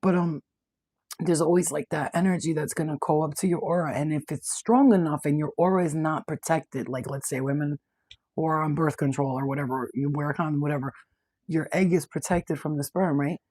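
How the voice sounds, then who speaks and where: Husky-voiced woman chatting bluntly. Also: low-pitched, fairly even intonation, brisk, darkish tone, no room sound. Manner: chatty, blunt, swears freely. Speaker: spiritual reader. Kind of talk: casual direct-to-camera chat.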